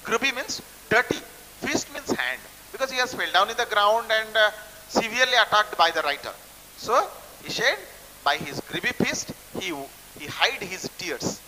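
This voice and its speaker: A college English teacher, an Indian English man with a high, very bright and sharp voice, explains a textbook story to his class at a moderate pace with big pitch swings. He's repetitive, restarting phrases and circling back to define word meanings. The recording has a long echo and a faint hiss.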